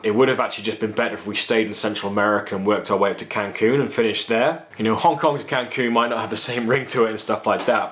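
Thoughtful low-voiced English man reminiscing. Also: a bit bright, a little hiss or hum. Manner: thoughtful, hedging with you know and sort of. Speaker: travel vlogger looking back. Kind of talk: casual reflective chat.

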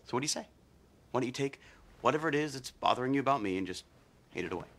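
A hotheaded guy begging his buddy to make up, bright lively voice, kinda high. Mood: pleading. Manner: pleading, then quick to swear. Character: impulsive man pleading with his best friend. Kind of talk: film comedy acting.

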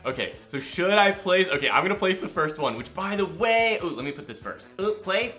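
Bright-voiced hyped young man. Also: high voice, lively intonation, a little fast, soft background music. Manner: hyped, gushing, talks straight to his fans. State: very tired from little sleep. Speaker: gaming YouTuber. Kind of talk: excited gameplay commentary.

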